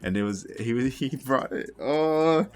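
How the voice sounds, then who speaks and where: A man's voice: medium pitch, expressive, measured pace. A young man telling a storytime tale in a casual, rambling way, swearing and laughing as he goes. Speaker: storytime vlogger.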